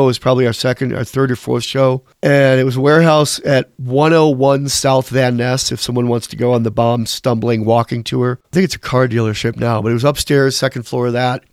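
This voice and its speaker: A man in his fifties, a former band bassist, telling candid, profane stories in a rambling interview. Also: no echo, studio quality.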